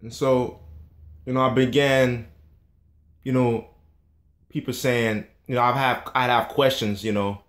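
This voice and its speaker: A man's voice: mid-range voice, fairly even intonation, a little slow, long pauses, a bit bright. A man in a casual monologue, ranting in a heated, scornful and profane way.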